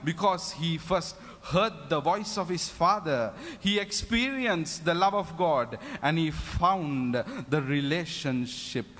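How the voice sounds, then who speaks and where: A fervent male preacher, his voice sitting a little high for a man. He keeps breaking into hallelujahs between points. Long hall reverb trails every phrase. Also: animated, takes it slowly, few pauses, a bit bright. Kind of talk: sermon. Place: prayer meeting in a reverberant hall.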